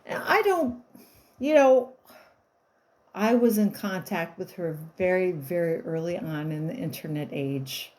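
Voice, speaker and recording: Woman, 50s, rambling wry storyteller, blunt and salty, mid pitch, animated jumps in pitch. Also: measured pace, poor audio. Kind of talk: casual storytelling monologue.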